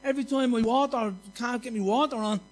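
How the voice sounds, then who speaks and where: A man's voice: very high-pitched, fairly even intonation, fairly quick. A man preaching a passionate, conversational sermon full of repetition and anecdotes.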